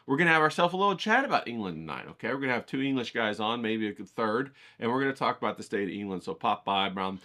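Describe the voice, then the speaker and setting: A man's voice: medium pitch, expressive, quick pace, few pauses, sharp tone. A man hosting an art livestream, talking in a rambling, folksy, digressive way. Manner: digressive, folksy, says "you know what I'm saying". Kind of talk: rambling casual monologue.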